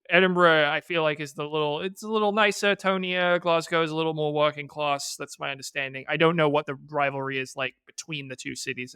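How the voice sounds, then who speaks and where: A podcast co-host from Boston talks in a casual, thinking-aloud way. His voice is bright and crisp and sits a little high, and the sound is dry and close. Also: no echo. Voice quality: thinks aloud, hedging with "I mean" and "like". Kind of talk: casual chat.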